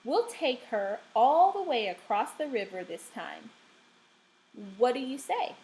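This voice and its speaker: A woman's voice: high-pitched, sing-song, a little slow, darkish tone, rough recording. A woman reading a storybook dad's lines aloud to a class, stressing words as he talks with his son. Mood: cheerful. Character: kindly dad speaking to his son.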